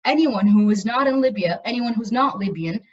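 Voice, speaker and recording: A woman's voice: fairly high pitch, lively intonation, fairly quick, slightly rough. Woman lecturing over a muffled video call. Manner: earnest, emphatic with frequent repetitions. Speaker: university lecturer. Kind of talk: online lecture.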